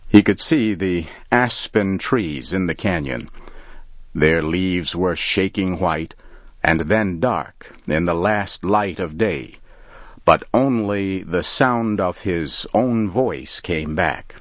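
Slow, deep-voiced male storyteller. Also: no room sound. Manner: calm, measured reading. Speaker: narrator. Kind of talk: story reading. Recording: dull lo-fi recording.

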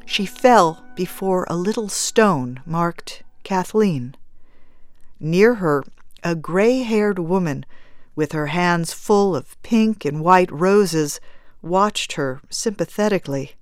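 Woman reading a story, really slow and even, lowish voice. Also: clear, resonant tone, no room sound, clean studio sound. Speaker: narrator. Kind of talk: scripted storybook narration.

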